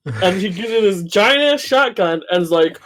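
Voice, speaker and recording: Male co-host, high voice, quippy, interrupts with jokes. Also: expressive, moderate pace, a bit bright. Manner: jokey, cuts in with quips and laughs. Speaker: co-host, movie reviewer. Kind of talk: casual chat.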